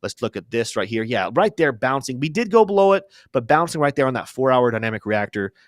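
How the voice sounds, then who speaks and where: A man's voice: medium pitch, very animated, a little fast, no echo. A young man talks through charts on a live crypto stream in a loose, chatty way. He keeps cracking jokes at his own expense. His voice sits in the middle range, and the recording is dry with no room sound. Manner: chatty, joking, self-deprecating asides. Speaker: crypto show host. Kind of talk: casual live-stream market commentary.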